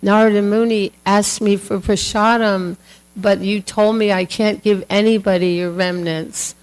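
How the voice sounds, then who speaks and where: A woman's voice: medium pitch, fairly even intonation, a little slow, natural voice, poor audio. A woman voicing a devoted goddess wife who speaks earnestly and fretfully.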